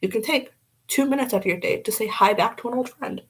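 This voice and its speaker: A woman's voice: on the high side, fast talker, husky, poor audio. A young woman vlogging casually as she does her makeup, blunt and rambling, swearing freely.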